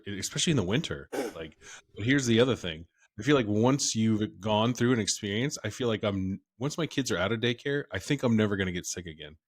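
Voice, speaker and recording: A man in his thirties co-hosting a podcast, chatting casually in a rambling, jokey way. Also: fairly low pitch. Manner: rambling, jokey, trails off and restarts. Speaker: podcast co-host. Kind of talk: casual chat.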